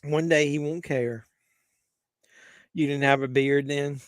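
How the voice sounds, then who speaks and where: Male stream host, raunchy banter, laughs at his own gags, a bit high-pitched, dry room. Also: steady tone, slow pace, dry recording. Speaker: livestream host. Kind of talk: crude joking chat with live viewers.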